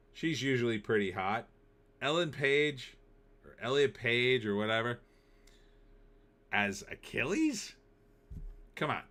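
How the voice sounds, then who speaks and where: Middle-aged male host with a bright, sharp tone, opinionated and sarcastic in loose chat. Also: on the low side. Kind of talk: casual live-stream commentary.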